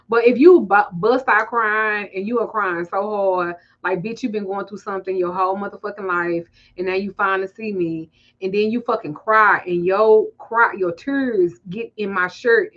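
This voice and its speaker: A woman's voice: medium pitch, moderate pace, dull audio. A woman with a Southern US accent hosting a casual livestream, telling stories in loose, profane, laughing banter. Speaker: spiritual reader and livestream host.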